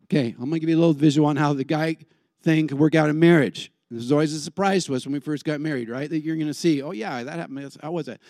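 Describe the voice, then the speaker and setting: Guy preaching, kinda high voice, chatty and lively, keeps asking the crowd stuff. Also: no room sound, studio quality. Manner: animated, conversational, asks the crowd questions. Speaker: pastor. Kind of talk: sermon.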